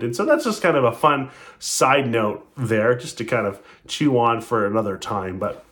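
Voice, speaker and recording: A man's voice: medium pitch, a bit bright. A man preaching a sermon, retelling a story in a conversational way and acting out the quotes with rising and falling emphasis. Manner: conversational, with restarts. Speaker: pastor.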